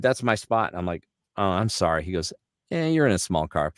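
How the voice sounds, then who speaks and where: Deep-voiced middle-aged man telling stories. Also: quick pace, no room sound, studio quality. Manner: animated anecdotes, slips into character voices for quotes. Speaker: voice actor guest. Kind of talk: casual storytelling chat.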